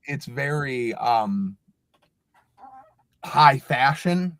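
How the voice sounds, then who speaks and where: A man co-hosting a podcast, chatting casually and explaining absurd things in a mock-serious, deadpan way. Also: medium pitch, very slow, clean tone, no echo. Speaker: podcast co-host. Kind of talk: joking casual chat.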